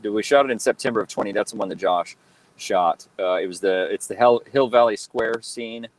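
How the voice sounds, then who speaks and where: A man in his thirties, a guest telling stories in a relaxed interview, rambling with lots of fillers and restarts. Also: lowish voice, moderate pace, low-quality recording. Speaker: guest, fan-film actor and cosplayer. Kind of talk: casual interview chat.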